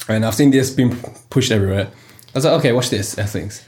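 A young man on a casual podcast, telling an animated story and laughing often. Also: on the low side, brisk. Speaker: podcast host. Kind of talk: casual chat.

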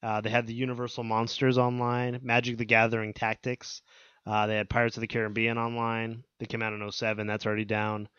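A man's voice: mid-range voice, monotone, a little fast, fairly bright tone, clean tone, no room sound, highs cut off. A man co-hosting a casual gaming podcast, chatting loosely and listing things off. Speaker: podcast co-host.

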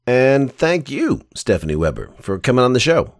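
A man's voice: medium pitch, big pitch swings, moderate pace, no room sound, studio quality. A man hosting a podcast, chatting in a rambling, enthusiastic way. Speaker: podcast host. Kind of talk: casual interview chat.

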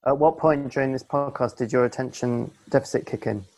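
A man's voice: medium pitch, steady tone, fairly quick, a little mellow, no room sound. A man co-hosting a podcast from home over a video call, with casual banter in a dry, self-mocking, mock-pompous manner. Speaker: podcast co-host.

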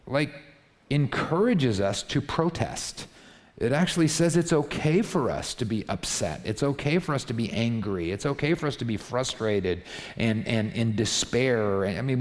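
A man preaching a sermon in a conversational style that builds to impassioned rhetorical questions. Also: mid-range voice. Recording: long reverb of a large hall.

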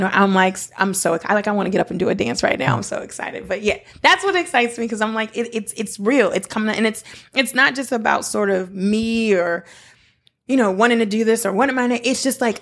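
A woman guest in an interview, talking in an excited, rambling way with many fillers and restarts, from South Africa. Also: medium pitch, vocal fry. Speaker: guest, nonprofit founder. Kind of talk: casual interview talk.

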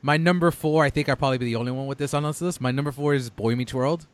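A young man hosting a casual chat, telling things in an earnest, animated way. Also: mid-range voice, racing, a little hiss or hum.

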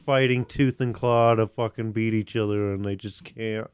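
A man's voice: lowish voice, steady tone, normal speed, clear, resonant tone, no room sound. A man hosting a podcast, chatting casually, rambling, swearing and restarting often. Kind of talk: casual chat.

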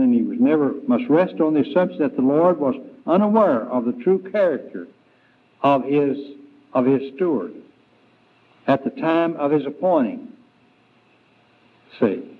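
A man preaching an evening Bible lesson, slow and deliberate, with frequent fillers and restarts. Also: medium pitch. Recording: tinny, phone-like 1990s church tape.

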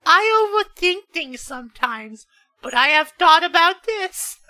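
A woman's voice: very high voice, expressive, a little slow, bright, forceful tone, dry recording. A woman co-hosting a comedy podcast, reading forum posts aloud in a giggly, mock-solemn way. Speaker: podcast co-host.

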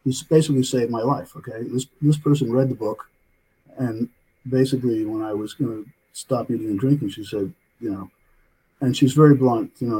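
An older man tells a story in a loose, rambling way and checks in with "okay?" after nearly every point. His voice is husky and mellow. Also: mid-range voice, brisk, low-quality recording. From United States. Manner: rambling, tags many sentences with "okay?". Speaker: author, interview guest. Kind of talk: casual storytelling in an interview.

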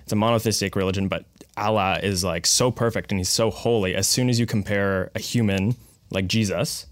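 A man's voice: on the low side, steady tone, a little fast, no room sound, clean studio sound. A young man asking questions in a panel, thinking aloud tentatively. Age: young adult.

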